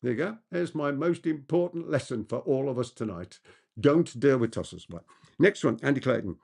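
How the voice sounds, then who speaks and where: Male business coach, mellow gravelly voice, emphatic Q&A delivery. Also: mid-range voice, lively intonation, moderate pace. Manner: emphatic, repeats key points for effect. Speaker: business coach answering audience questions. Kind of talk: masterclass Q&A talk.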